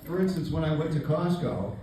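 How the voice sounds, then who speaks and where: An older man performing a stand-up comedy set on a club stage, with a deadpan, self-mocking delivery. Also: fairly high pitch, a little fast, a little hiss or hum. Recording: echoey live club, distant mic. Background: audience laughter.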